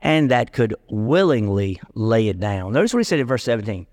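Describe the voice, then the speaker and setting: A man preaching a sermon as pastor, lively and casual, mixing slang and jokes into his teaching. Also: lowish voice, fairly quick, in a large hall.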